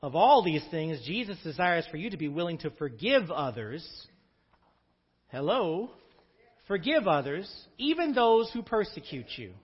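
Male pastor delivering a lively sermon, swinging pitch, recorded dull and muffled in a church. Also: a little slow, slightly rough, long reverb tail. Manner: preacher's call-and-response.

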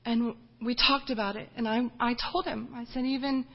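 Woman missionary, earnest testimony, emotional and halting, fairly high voice, dull lo-fi sound. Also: steady tone. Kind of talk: personal testimony talk.

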